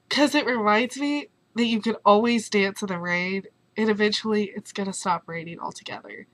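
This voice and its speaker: Young woman vlogger, hoarse from losing her voice, bright and bubbly, dry close sound. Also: fairly high pitch, dry recording, rough recording. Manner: bubbly, animated storyteller. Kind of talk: casual storytelling vlog.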